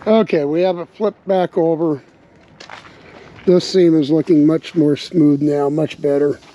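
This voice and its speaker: A man in a relaxed, casual vlog, thinking aloud as he talks through a project outdoors, with a slight bark in his voice. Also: on the high side, a little slow. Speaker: RV vlogger building a truck tank. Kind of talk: casual workshop vlog narration. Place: outdoors at a windy campsite. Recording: dull lo-fi outdoor recording with wind noise.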